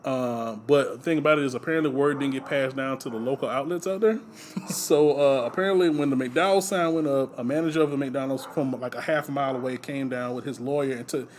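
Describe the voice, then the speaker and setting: A man's voice: mid-range voice, brisk, a little hiss or hum. Chatty man recounting film trivia. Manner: relaxed storytelling, laughs often, many fillers. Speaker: podcast host. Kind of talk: casual chat.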